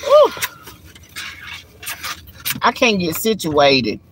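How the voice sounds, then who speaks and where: Against a noisy background, a woman hosts a car live stream on her handheld phone, her low voice swinging hugely in pitch and drawing out words. She's folksy and chatty, calling her viewers girl and honey.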